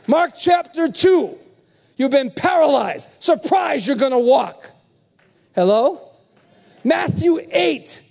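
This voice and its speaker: A male pastor preaching at a convention with a very high voice. He swings between quiet storytelling and shouted refrains, checking in with the congregation over and over. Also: lively intonation, a little slow, creaky. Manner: preaching with sudden shouted refrains and call-and-response questions. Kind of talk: sermon. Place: church convention hall.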